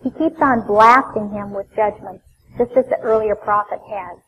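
A woman teaching an expository Bible lesson, telling the story with animated emphasis and voicing the scripture quotes. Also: mid-range voice, normal speed, phone-quality sound.

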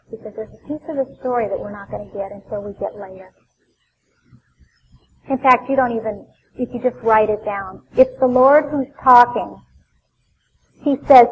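A woman teaching an expository Bible lesson, telling the story with animated emphasis and voicing the scripture quotes. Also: a little high, moderate pace, highs cut off, slight background noise.

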